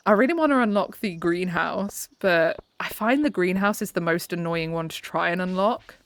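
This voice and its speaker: A woman's voice: on the low side, normal speed. A young British woman chatting casually and giggling as she plays a farming video game. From Britain. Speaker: gaming channel host. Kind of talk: casual gameplay chat.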